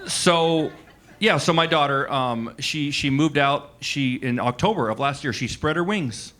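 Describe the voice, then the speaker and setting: Male stand-up comedian, forties, bright voice, slightly high pitch, rambling conversational delivery, club stage mic. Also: unhurried. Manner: loose, conversational, full of likes and asides.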